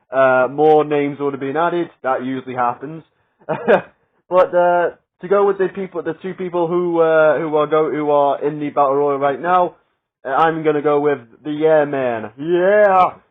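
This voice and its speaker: A man with a slightly high voice talks through his picks in a loose, rambling way. He leans on fillers and laughs at his own jokes. The sound is thin and boxed in, like a phone line. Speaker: wrestling predictions vlogger. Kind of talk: casual solo predictions commentary.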